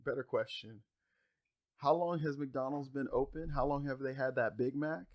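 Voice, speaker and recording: A man on a casual podcast talks in a relaxed, easygoing way. He works through his points calmly and chimes in with quick agreement, and his pitch sits in the middle range. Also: dull audio. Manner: laid-back, reasoning, interjects agreement. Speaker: podcast co-host. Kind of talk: casual chat.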